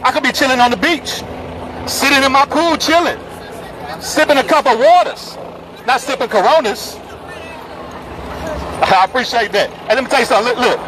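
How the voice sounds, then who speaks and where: A man with a strikingly high voice preaches out in the open on a busy street, forceful and repetitive as he calls out the passersby. Chatter from the crowd and passing traffic press in around him. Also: moderate pace, long pauses. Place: busy city street outdoors. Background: crowd chatter and passing vehicles.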